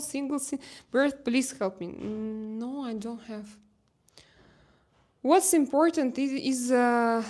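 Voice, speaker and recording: Russian-accented woman streaming from her phone. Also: a little high. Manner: halting, many fillers and restarts, laughs easily. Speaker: live streamer reading chat. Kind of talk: casual live-stream chat. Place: home terrace.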